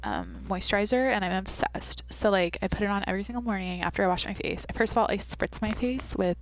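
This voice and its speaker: A woman's voice: medium pitch, big pitch swings, a little fast, a little hiss or hum, low-quality recording. A woman voicing a bubbly female beauty influencer who gushes about skincare in a Valley Girl manner. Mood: gushing. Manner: gushing, brand-dropping Valley Girl talk.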